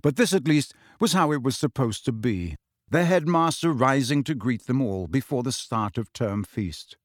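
Guy narrating a storybook, animated delivery, dry booth sound. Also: mid-range voice, normal speed, no echo. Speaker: audiobook reader. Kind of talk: scripted narration.

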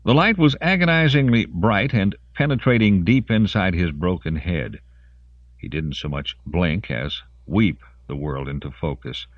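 A man narrating an audiobook in an expressive voice, lingering on grim detail. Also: sits low, unhurried, no echo, muffled recording. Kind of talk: scripted narration.

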